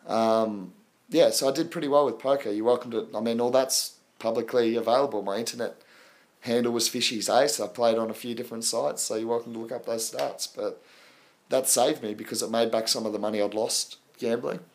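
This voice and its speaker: A man's voice: medium pitch, steady tone, fairly quick. Australian man chatting on a livestream. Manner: chatty, addresses viewers as bro and man. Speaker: crypto livestream host. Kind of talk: casual live-stream chat.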